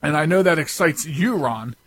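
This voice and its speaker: Rambling talk radio host. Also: male voice, a little high, animated, normal speed, fairly bright tone. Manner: rambling, with frequent restarts and asides. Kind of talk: casual radio talk show chat.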